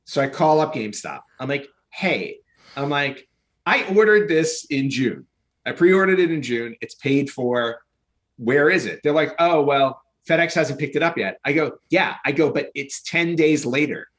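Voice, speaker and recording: Male podcast co-host, animated storyteller, slightly higher voice. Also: normal speed. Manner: animated storyteller acting out phone calls. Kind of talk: casual chat.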